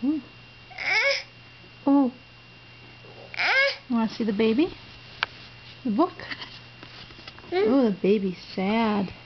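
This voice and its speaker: Slow, sing-song mother in baby talk. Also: on the high side, lively intonation. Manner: sing-song, coaxing, exaggerated. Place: home, on a bed. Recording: dull lo-fi home video with faint noise.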